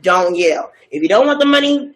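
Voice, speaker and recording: A woman voicing a calm, patient man who soothes an angry friend. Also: medium pitch, normal speed, lightly acted. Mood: soothing.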